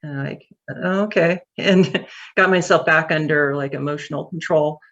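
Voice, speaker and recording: A woman who runs a tech company, telling a story in an interview, candid and animated, with fillers. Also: low-pitched, normal speed, muffled recording.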